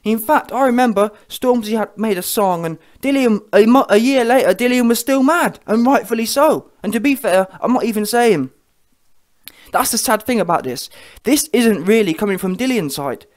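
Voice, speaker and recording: A man's voice: high voice, animated, moderate pace. A man giving heated, mocking boxing commentary on his vlog and checking in with viewers as he goes. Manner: heated, mocking, keeps asking the viewer "yeah?". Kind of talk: ranting reaction commentary.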